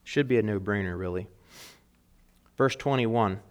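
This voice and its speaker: A man preaching a sermon in an earnest way, rising in emphasis and dropping to quiet asides, and reading scripture aloud with weight. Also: medium pitch, measured pace, pauses often. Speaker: pastor.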